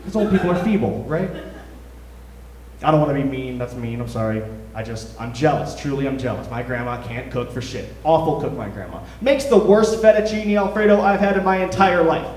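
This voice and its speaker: A man's voice: mid-range voice, a little fast, a little mellow. A man in his twenties doing a self-deprecating stand-up comedy set on a club stage, rambling with hesitant fillers. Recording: roomy club, from far off the mic.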